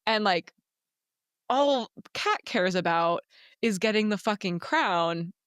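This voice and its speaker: A woman's voice: mid-range voice, expressive, slow pace, a bit bright, clean tone, no echo, studio quality. A woman co-hosting a casual book podcast, talking animatedly, swearing freely and acting out characters' lines. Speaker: podcast co-host.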